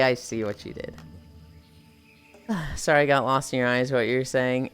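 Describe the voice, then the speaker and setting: A woman's voice: a bass voice, steady tone, a little slow, clear, resonant tone, soft background music. A woman streaming from home, chatting casually with her viewers, profane and joking, groaning now and then as she stretches. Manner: profane, joking, reads chat aloud. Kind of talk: casual live-stream chat. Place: at home, indoors.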